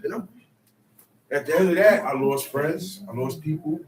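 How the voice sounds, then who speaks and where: A man leading a bible study, emphatic and animated, acting out quotes and sometimes shouting. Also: fairly high pitch, normal speed. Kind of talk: animated spoken teaching. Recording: echoey room, mic far off, faint noise.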